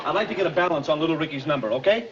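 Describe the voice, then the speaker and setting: An actor playing a businesslike studio hand who speaks quickly and matter-of-factly. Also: male voice, a little high, lively intonation, natural voice. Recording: muffled old TV soundtrack, distant, loud hiss, crowd.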